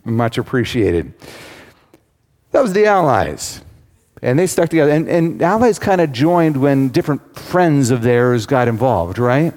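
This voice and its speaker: A man with a mid-range, slightly mellow voice teaches a Bible study to a live audience in a sermon-like style. He keeps it conversational, throwing in asides to his listeners, and a long hall reverb colors the sound.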